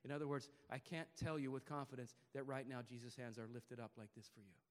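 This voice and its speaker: A man preaching a sermon to his congregation, rising to loud emphatic peaks and dropping to quiet, hushed passages. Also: medium pitch, steady tone, fast, long reverb tail. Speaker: pastor. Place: church service before a congregation.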